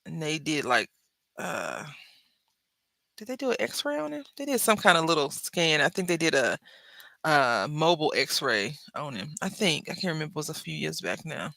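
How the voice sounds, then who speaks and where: A woman hosting a crafting video, chatting and telling stories while she works, acting out quoted lines with big jumps in pitch and dropping to soft murmurs when she concentrates. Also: very animated, normal speed, gravelly, no echo. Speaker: crafting channel host. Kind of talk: casual chat while crafting.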